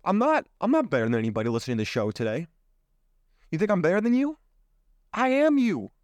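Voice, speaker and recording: A man's voice: sits high, huge pitch swings, fast, darkish tone, no room sound, lo-fi sound. A man hosting a podcast, giving an emphatic motivational monologue full of rhetorical questions, speaking into his own microphone. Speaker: podcast host. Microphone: own microphone on camera.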